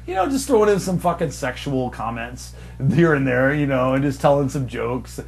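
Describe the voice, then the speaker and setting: A man's voice: medium pitch, big pitch swings, normal speed, vocal fry. A young adult man hosting a podcast, telling stories in a rambling, mocking way with plenty of swearing. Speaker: podcast host. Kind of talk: casual storytelling chat.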